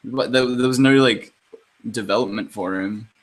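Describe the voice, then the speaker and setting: A man co-hosting a casual gaming podcast, sarcastic and quick to swear, laughing often as he chats. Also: on the low side, poor audio. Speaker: podcast co-host. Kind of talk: casual chat.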